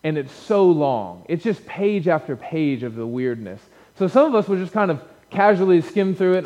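Joking pastor in a reverberant church. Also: male voice, fairly high pitch, lively intonation, normal speed, darkish tone. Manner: conversational and joking with the congregation. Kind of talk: sermon. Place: church sanctuary. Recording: dull lo-fi church recording with long reverb.

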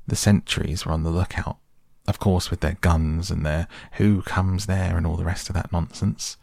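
A man reading the part of an excitable, cheeky male mole telling a story. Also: low voice, moderate pace, gravelly, no room sound, clean studio sound. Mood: gleeful. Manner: gleeful, chatty.

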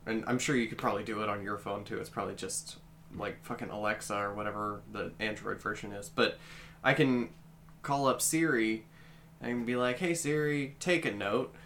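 A man with a bright, sharp voice co-hosts a loose comedy podcast. He jokes constantly and swears casually, breaking into laughs between riffs. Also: fairly low pitch, steady tone, moderate pace, gravelly, slight background noise. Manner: joking, profane, laughs often.

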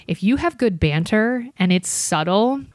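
A woman telling bartending stories as a guest in a casual podcast chat, animated, with quick asides. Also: mid-range voice, no room sound, studio quality. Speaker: podcast guest, bartender and comedy club server.

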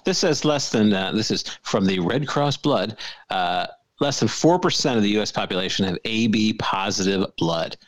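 A man with a lowish voice jokes his way through a podcast conversation. His pitch swoops up and down with lots of expression, and he breaks into laughs often. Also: animated, normal speed, no echo. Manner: jokey, laughs often, reads facts aloud. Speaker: podcast co-host. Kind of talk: casual chat.

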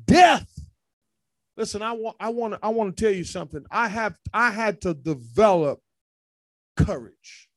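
High-voiced man preaching a sermon. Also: expressive, moderate pace, no room sound. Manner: preaching with call-and-response, rising to shouts. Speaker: pastor.

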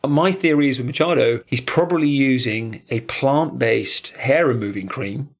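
A man's voice: mid-range voice, normal speed. A man co-hosting a surf podcast, talking animatedly in casual, jokey chat with some swearing. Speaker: podcast co-host.

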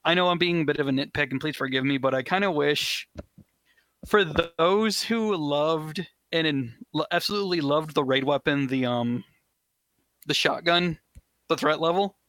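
Man from Texas, guest caller, bright tense voice, dry, hesitant, apologetic. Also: a little high, moderate pace, no echo. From Texas, USA. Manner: hesitant, apologetic, many restarts and ums. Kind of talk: casual gaming chat.

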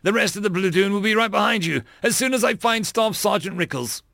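A jittery young army lieutenant rattles off hurried, stammering orders, as a male narrator puts him on. His voice rises above the reader's own and carries a strained urgency, recorded dry and close. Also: high voice, lively intonation, gravelly, bright, forceful tone, dry recording, pitched above the performer's own voice, full character voice. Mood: flustered.

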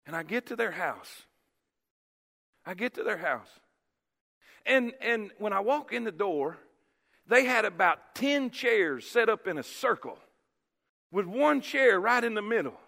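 Male pastor, high-pitched and bright, emphatic storytelling sermon with a long church reverb. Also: very animated, a little slow, vocal fry, long pauses. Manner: storytelling, emphatic, repeats words. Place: church sanctuary.

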